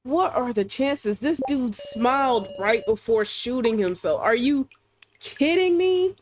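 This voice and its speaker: A woman's voice: fairly high pitch, expressive, slow, slight background noise. A woman hosting a let's play, reacting emotionally and exclaiming as she comments on the story. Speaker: gameplay video host.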